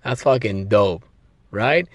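Speaking slowly in a lowish voice, a young man hosts a solo podcast with dry, clean studio sound. He rambles casually and excitably, swearing freely and restarting many times, his voice a little strained from talking at length.

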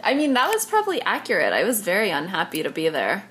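A woman's voice: medium pitch, huge pitch swings, quick pace, a bit bright, slight background noise. A woman who is a ballet dancer, a guest in a casual interview, self-deprecating and laughing easily.

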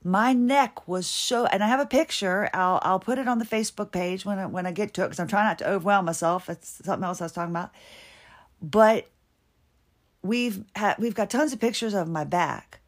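A woman's voice: medium pitch, brisk. A middle-aged woman hosting a podcast, talking anxiously and ramblingly about her health, with frequent restarts and shifting pace. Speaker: podcast host. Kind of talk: personal health monologue.

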